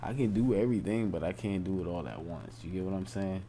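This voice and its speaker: A young man talks on a late-night live stream, rambling and circling back over the same points. His voice is low, dark and gravelly, and he speaks slowly. A faint hiss sits behind him. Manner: rambling, repetitive, informal speech.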